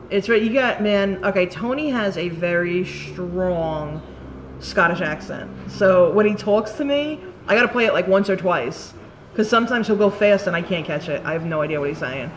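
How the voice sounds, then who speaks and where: A woman's voice: on the low side, lively intonation, moderate pace, a little hiss or hum. Chatty New woman, late thirties. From Staten Island, New York. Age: late 30s. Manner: rambling, chatty, swears casually. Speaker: beauty product reviewer. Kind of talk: casual live-stream chat.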